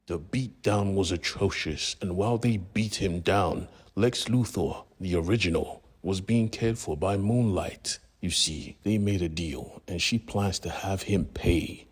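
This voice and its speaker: A man's voice: deep voice, a little slow, few pauses, husky. A man casually retelling a comic book story, slangy and profane. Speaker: comic book recap narrator.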